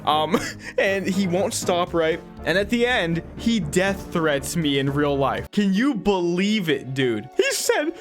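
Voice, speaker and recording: A young man giving rambling, animated gameplay commentary as a YouTuber, talking straight to his viewers. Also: high-pitched, takes it slowly, soft background music. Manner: animated, rambling, addresses viewers as guys and dude. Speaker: gaming YouTuber.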